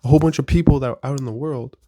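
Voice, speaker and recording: A young man of twenty talks straight at the listener in a fed-up, cursing rant, sounding a little under the weather from the flu. His voice sits at an ordinary pitch and comes across close and dry, with no room around it. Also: rapid-fire, warm tone, dry recording. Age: 20s. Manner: exasperated, profane venting with mock quotes. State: sick with the flu. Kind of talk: casual ranting monologue.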